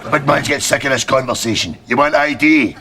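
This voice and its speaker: A man's voice: mid-range voice, fast talker, lightly acted. An actor with a Scottish accent playing a brash, swaggering tough who calls himself the big man, firing off crude insults in a sketch comedy. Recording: crowd and noise behind, laughter.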